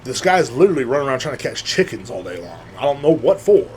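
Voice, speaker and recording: Animated, rambling, tipsy man host. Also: mid-range voice, fast, slight background noise. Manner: profane, rambling, with frequent fillers and restarts. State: drunk. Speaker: podcast host. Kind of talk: casual rambling monologue.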